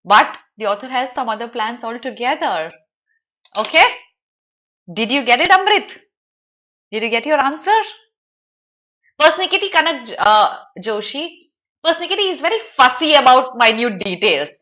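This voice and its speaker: A young woman with an Indian English accent teaches a live online class. Her voice is bright and a touch high. She explains the text animatedly and keeps checking in with her students. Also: moderate pace, long pauses. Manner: animated, asks students questions, addresses viewers by name.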